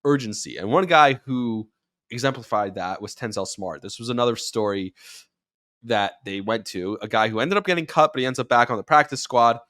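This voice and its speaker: Male sports show host, mid-range voice, dry close sound; casual, animated, gets loud on quoted lines. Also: mid-range voice, brisk, dry recording. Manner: animated, rising to near-shouts when acting out quotes. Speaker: podcast host and sports radio commentator.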